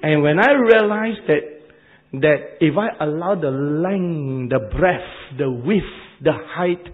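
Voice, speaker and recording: Asian-accented preacher, muffled old tape. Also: male voice, a little high, slow pace. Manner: animated, repeats words, laughs at own jokes. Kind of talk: sermon.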